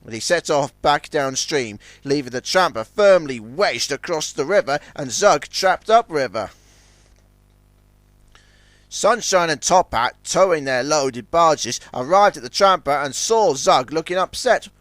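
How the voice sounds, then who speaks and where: A man narrating a children's storybook in a lively, expressive reading style. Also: fairly high pitch, unhurried, no room sound.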